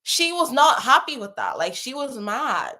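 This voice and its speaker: The young adult host of a casual advice chat has a high voice with huge pitch swings and a sharp tone, and she takes an unhurried pace. She reads viewer messages in a chatty, emphatic way, repeating phrases for stress.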